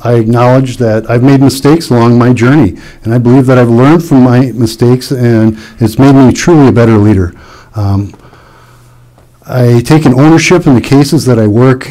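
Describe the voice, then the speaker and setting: A man's voice: medium pitch, dark tone, low-quality recording. A middle-aged man running for sheriff, giving a sincere, reflective closing statement. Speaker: sheriff candidate. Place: public meeting hall.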